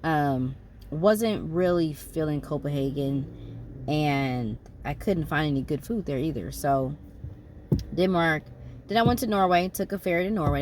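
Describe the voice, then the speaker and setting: A woman from the United States, a travel vlogger with a low-pitched voice, rambles casually through a recap of her trip. She uses fillers and corrects herself along the way, over a noisy background.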